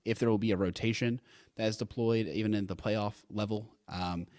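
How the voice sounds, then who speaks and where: Low-voiced man, dry close sound. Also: steady tone, a little fast, darkish tone, no room sound. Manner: enthusiastic, rambling. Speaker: co-host. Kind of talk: casual sports chat.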